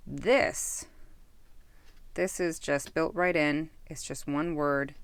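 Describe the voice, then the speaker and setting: A woman's voice: low voice, steady tone, takes it slowly, dry recording. A woman casually reviewing a tarot deck, musing aloud, losing her thread and correcting herself. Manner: musing, self-interrupting, easily sidetracked.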